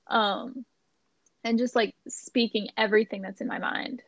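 A woman's voice: a little high, fairly even intonation, measured pace, gravelly, no room sound, highs cut off. A young woman, a guest on a casual faith chat, candid and playful, often laughing.

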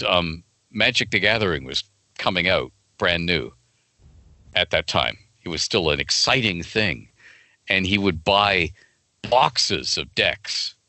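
A man being interviewed as a fantasy game writer, telling stories in an animated way and laughing often. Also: sits low, no echo. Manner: animated, laughing often, jumps into quoted voices. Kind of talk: casual interview chat with storytelling.

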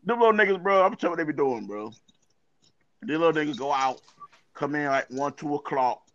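High-voiced man telling rowdy stories. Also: brisk, no echo. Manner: animated, profane storytelling with lots of repeats. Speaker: podcast host. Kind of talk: casual storytelling chat. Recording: dull lo-fi sound.

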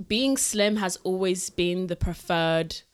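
Giggly young woman, lowish voice. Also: takes it slowly, smooth. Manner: giggly, chatty, frequent laughter. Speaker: podcast co-host. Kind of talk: casual chat.

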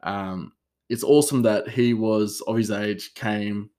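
A man with a fairly low voice talks alone on his podcast in a loose, rambling way. He stumbles through fillers and corrects himself as he goes. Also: steady tone, slow pace, darkish tone. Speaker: podcast host. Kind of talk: casual solo chat.

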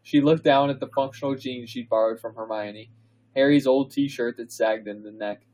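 A man co-hosting a podcast, reading fan fiction aloud in a comedic dramatic reading, pausing for laughs and asides. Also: medium pitch, fairly even intonation, a little mellow, poor audio. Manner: reads slowly, breaks into laughs and asides.

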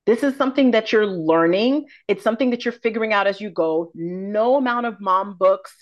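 A woman in her forties, a coach speaking as a podcast guest, frank and animated, cursing without a second thought. Her pitch sits in a middle range. The audio comes through slightly dull and muffled. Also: normal speed. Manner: frank, expressive, swears freely. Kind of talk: casual podcast conversation.

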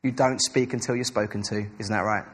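A young English man preaching a sermon at a church service, excitable and rambling, restarting his sentences. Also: on the low side, a little fast. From England.

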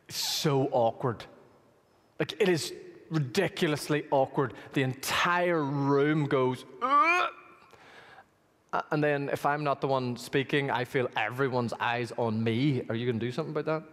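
A male pastor preaching a sermon, telling stories with lively emphasis, in a church hall. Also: medium pitch, moderate pace. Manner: storytelling, rising to animated emphasis. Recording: long reverb of a large hall.

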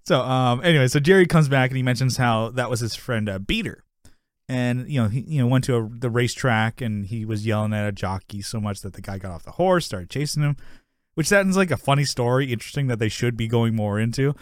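A man's voice: mid-range voice, fairly quick, clean tone, dry recording, studio quality. A man co-hosting a podcast, chatting casually and rambling through a TV episode recap, with lots of "you know" fillers and frequent laughs. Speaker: podcast co-host.

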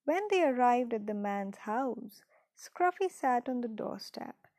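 A woman reading a children's story aloud in a gentle, unhurried way, dropping into soft whispered asides. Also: a little high, animated, no room sound.

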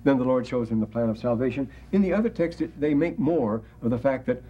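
A man's voice: mid-range voice, expressive, brisk, slightly rough. A man giving a classroom lecture on scripture, reading passages aloud and breaking off into asides and restarts. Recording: dull lo-fi classroom recording with faint hiss.

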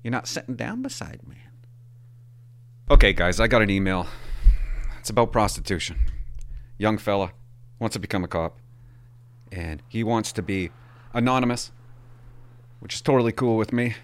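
A man's voice: fairly low pitch, moderate pace, pauses often, smooth. A man hosting a podcast, telling rambling stories and acting out other people's lines. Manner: animated, rambling, acts out quotes with voices and whispers. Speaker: podcast host. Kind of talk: casual storytelling.

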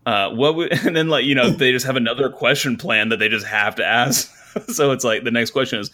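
A man's voice: medium pitch, brisk, pushed and bright. A man co-hosting a sports podcast in casual chat, rambling with plenty of fillers and restarts. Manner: rambling, lots of fillers and restarts, laughs often. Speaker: podcast co-host.

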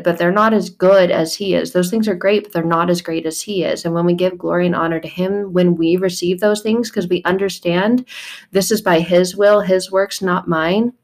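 A woman in her thirties giving a casual devotional talk, bubbly and chatty, often breaking into laughter. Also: lowish voice. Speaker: faith vlogger.

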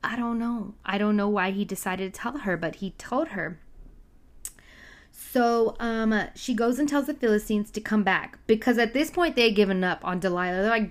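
A woman's voice: medium pitch, moderate pace. A woman casually retelling a Bible story, chatty and full of side comments and asides.

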